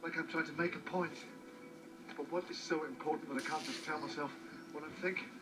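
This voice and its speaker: A man's voice: fairly high pitch, fairly quick, music in the background, lightly acted, low-quality recording. An actor with a Scottish accent playing a freshly changed, eccentric male alien who rambles and jumps between thoughts. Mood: baffled rambling. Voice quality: rambling, excitable, jumpy. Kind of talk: film drama dialogue.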